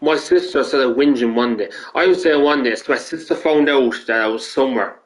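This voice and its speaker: A man's voice: medium pitch, brisk, rough recording. An Irish man streaming games and ranting casually, rambling, swearing often and restarting his sentences. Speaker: gaming streamer.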